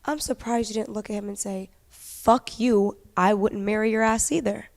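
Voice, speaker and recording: A woman's voice: mid-range voice, fairly even intonation, normal speed, vocal fry. A woman hosting a podcast, reassuring her guest in casual chat. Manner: supportive, reassuring.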